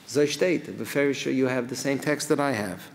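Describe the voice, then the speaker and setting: Rabbi lecturing in a reverberant hall. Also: male voice, medium pitch, moderate pace, vocal fry. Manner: reads Hebrew and Aramaic text then translates it, lively questions. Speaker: rabbi teaching a class. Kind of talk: Talmud lecture.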